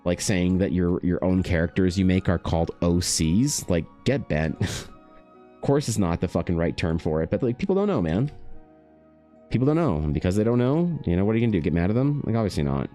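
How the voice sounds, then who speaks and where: Deep-voiced man rambling on a stream. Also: expressive, fairly quick, mellow, faint music behind. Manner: rambling and profane, with sudden jumps up in pitch. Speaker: artist streaming while painting. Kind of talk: casual livestream chat.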